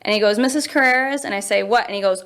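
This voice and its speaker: A woman in her twenties, a youth pastor, telling funny stories in a casual interview, laughing often and jumping high in pitch for quoted voices. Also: quick pace, fairly bright tone. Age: 20s.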